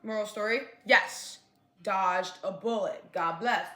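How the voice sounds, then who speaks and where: A woman's voice: mid-range voice, normal speed, background noise. A young woman in her twenties telling a storytime rant, chatty and exasperated, full of "like.". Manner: chatty, exasperated, sprinkles "like" everywhere. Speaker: vlogger. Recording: echoey room with dish and cutlery clatter.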